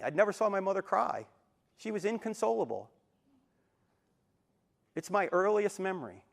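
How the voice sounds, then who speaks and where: A man in his sixties giving a live lecture in a university auditorium, an animated storyteller who acts out quotes and jokes. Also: a little high, gravelly. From New Jersey, USA. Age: 60s. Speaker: Christian apologetics speaker.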